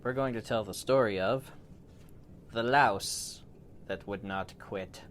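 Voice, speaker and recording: A man improvising a bedtime story for a child, playful and animated, with big swings in loudness. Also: lowish voice, slow, slight background noise.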